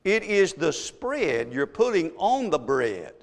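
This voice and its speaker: Speaking slowly but with great animation, a pastor with a creaky, high voice for a man preaches emphatically from the pulpit. He uses strings of rhetorical questions to press his points, and a long church-hall reverb surrounds him.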